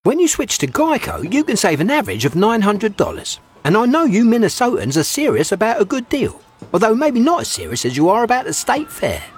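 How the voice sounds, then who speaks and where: A man's voice: high-pitched, huge pitch swings, fairly quick, slightly rough, soft background music. A man reading an upbeat, folksy scripted advertisement. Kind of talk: scripted ad read.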